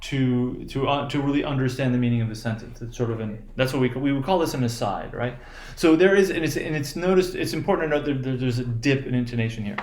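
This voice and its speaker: A man teaching a lesson, halting and full of fillers, often checking with "right?". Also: medium pitch, darkish tone, roomy sound. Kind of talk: lecture.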